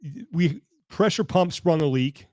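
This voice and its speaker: A man hosting a podcast over a video call, telling a story in an animated, exasperated way that keeps breaking off and restarting. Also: on the high side, unhurried, dry recording, studio quality. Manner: animated, exasperated rambling with self-interruptions. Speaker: podcast host. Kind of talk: casual storytelling chat.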